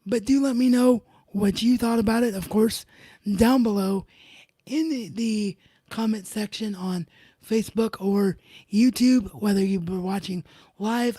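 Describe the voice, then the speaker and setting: A woman hosts a live review of a wrestling show, talking enthusiastically and doubling up her emphatic words. Her voice is mellow and a little husky. It sounds dry and close. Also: medium pitch, no echo.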